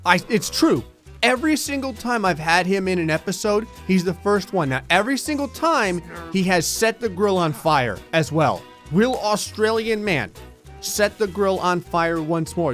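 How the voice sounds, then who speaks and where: A man giving comedic, sarcastic commentary while playing a life-sim game, swinging from shrieking excitement to a low menacing mutter. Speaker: gaming commentator. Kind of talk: comedic let's play commentary.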